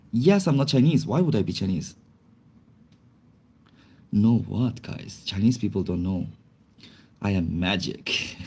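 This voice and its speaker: A man's voice: deep voice, darkish tone, slightly rough. A young man with a slight cold, chatting casually on a livestream in non-native English with grammar slips, reacting to chat comments. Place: indoors, face not shown.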